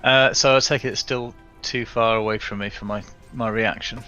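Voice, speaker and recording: Male player, crisp bright tone, laughs a lot, casual thinking-aloud delivery. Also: lowish voice, steady tone, moderate pace, dull audio, soft background music. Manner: chuckly, thinks aloud with fillers. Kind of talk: casual tabletop play chat.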